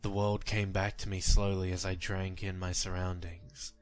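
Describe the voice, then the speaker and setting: A man reading a horror story aloud in a measured, grim storytelling manner. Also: deep voice, flat delivery. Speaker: narrator. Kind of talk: scripted horror story narration. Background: faint music.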